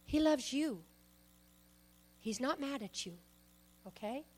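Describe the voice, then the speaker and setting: A woman preaching a sermon, emphatic, shifting between loud exhortation and soft asides and personal stories. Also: high-pitched, expressive, slow pace, soft background music. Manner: tells personal stories, acts out quoted speech.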